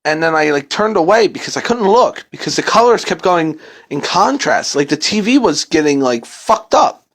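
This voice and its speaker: A man's voice: a little high, sing-song, normal speed. A man telling a first-person creepypasta horror story in a casual, profane, dramatic way.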